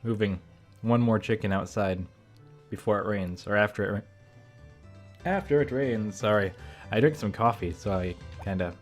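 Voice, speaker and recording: A man talking casually over his gameplay as a YouTuber, thinking out loud with rambling asides. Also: on the low side, measured pace, long pauses, soft background music. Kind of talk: casual let's-play commentary.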